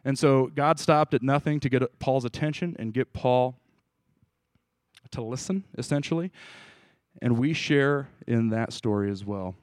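A man's voice: medium pitch, normal speed, dry recording. A man preaching an informal sermon, talking casually and asking his group questions as he goes. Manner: casual, conversational, asks the group questions, restarts. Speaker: pastor.

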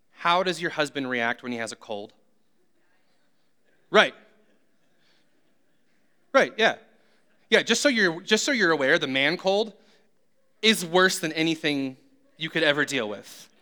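Bright-voiced preacher telling funny stories. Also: male voice, fairly high pitch, animated, unhurried, long pauses. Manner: humorous self-deprecating storytelling. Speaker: pastor. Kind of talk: sermon.

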